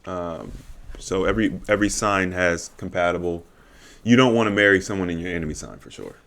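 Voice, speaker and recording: A man co-hosting a podcast, explaining things in relaxed casual chat with frequent fillers. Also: sits low, brisk. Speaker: podcast co-host.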